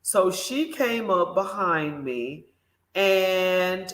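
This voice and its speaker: Woman, talk show host, storytelling monologue, animated and emphatic, slow delivery, roomy echo. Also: lowish voice. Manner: animated, emphatic, speaks directly to listeners.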